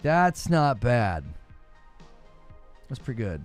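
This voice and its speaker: A man's voice: on the high side, sing-song, takes it slowly, pauses often, soft background music. A man, hosting a gaming livestream, joking with his chat and laughing often. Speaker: gaming channel host.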